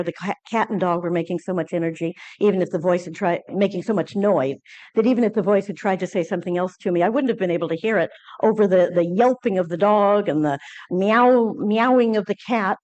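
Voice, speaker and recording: A woman at a conference lectern, telling a personal story in a lively way and acting out the dialogue. She often pauses on fillers and restarts her sentences. Her voice sits at a middle pitch for a woman. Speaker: conference speaker. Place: conference lecture hall.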